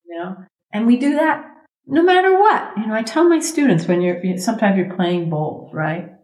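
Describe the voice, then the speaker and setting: A middle-aged woman, a sound healer speaking as a guest in a conversational interview, expressive and emphatic, leaning on slow repetitions. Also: mid-range voice, reverberant. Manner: expressive, acts out inner thoughts in quoted voices.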